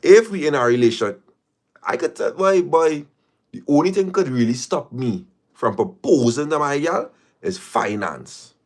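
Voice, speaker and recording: A man's voice: fairly high pitch, animated, a little slow, a little mellow. A man hosting a casual live stream, talking emphatically, repeating phrases and firing rhetorical questions.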